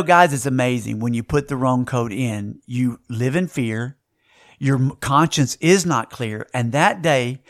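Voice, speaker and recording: A man's voice: high-pitched, a bit bright. A middle-aged man, preaching a sermon and telling a story with acted-out sounds and voices. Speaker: pastor.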